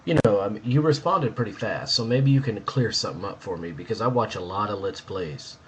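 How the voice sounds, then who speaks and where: A man's voice: lowish voice, expressive, a little fast, a little hiss or hum. A man hosting a podcast, ranting in a blunt, sarcastic way in casual chat. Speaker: podcast host.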